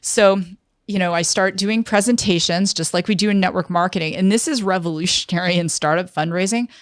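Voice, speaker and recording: A woman in her fifties, a guest in an interview, telling a lively story and acting out what others said. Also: lowish voice, fairly quick, dry recording, clean studio sound. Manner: lively storyteller who acts out quoted dialogue. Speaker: interview guest, tech entrepreneur.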